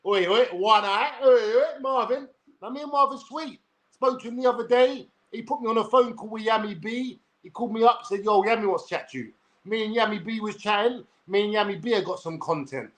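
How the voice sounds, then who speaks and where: A man's voice: sits high, fairly bright tone. A young man with a London accent telling a rambling, sweary story on a livestream in a brash way.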